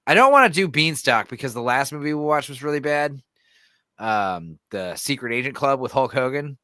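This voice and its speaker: A man hosts a casual podcast, his voice bright and sharp. He rambles, laughs a lot and swears casually, a little sore in the throat. The sound is dry and close. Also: mid-range voice, animated, moderate pace, no room sound. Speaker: podcast host. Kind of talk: casual chat.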